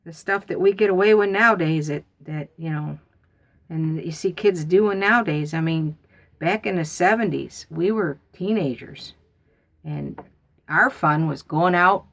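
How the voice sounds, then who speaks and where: Gravelly folksy storyteller woman. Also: fairly low pitch, measured pace, a bit bright. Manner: rambling, folksy, repeats herself. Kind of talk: casual storytelling.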